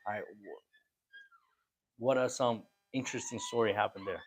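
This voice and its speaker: Male host, casual interviewer, short questions, halting delivery. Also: on the low side, husky.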